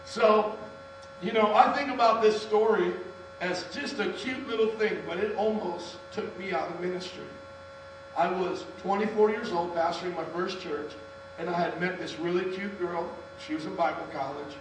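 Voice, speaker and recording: A man's voice: high-pitched, normal speed. A man preaching a sermon as pastor, telling a personal story and calling on the congregation to respond. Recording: echoey hall from far off, mains hum.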